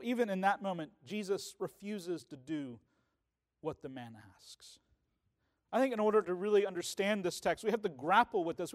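A man preaching a sermon as pastor, in a conversational way that keeps checking in with the congregation. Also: high-pitched. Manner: conversational preaching, often asking "right?".

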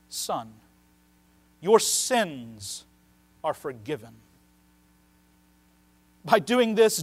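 A pastor delivers a sermon in a notably high voice. He speaks earnestly, drawing out key phrases for emphasis. His loudness swings widely between loud stresses and hushed asides.

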